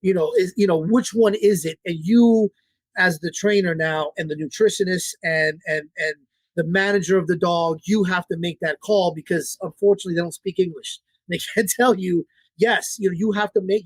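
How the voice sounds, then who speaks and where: Guest: man, dog trainer. High-pitched, husky voice, dry close sound. Blunt, profane, repeats himself. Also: fairly even intonation, a little fast, no echo. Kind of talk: casual interview talk.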